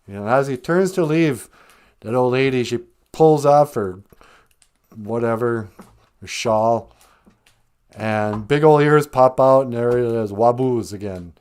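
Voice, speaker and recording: A man's voice: mid-range voice, animated, a little slow, darkish tone, smooth. A man retelling a traditional tale on a podcast in a casual, chatty way, with joking asides. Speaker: podcast storyteller. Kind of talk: casual storytelling.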